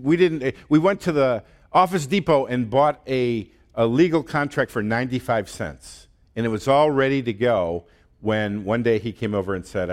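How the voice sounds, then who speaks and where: A middle-aged man giving a conversational sermon as pastor, with fillers and restarts. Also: lowish voice. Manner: conversational, laughs often, many fillers and restarts.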